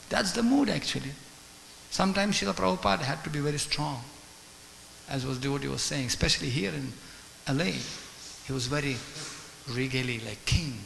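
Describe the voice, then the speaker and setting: A man giving a sermon as a guest speaker, telling stories in an animated way, acting out dialogue and chanting Sanskrit verses. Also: a little high, fairly quick, creaky. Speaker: guest speaker at a temple class. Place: temple hall. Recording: echoey temple hall with faint hiss.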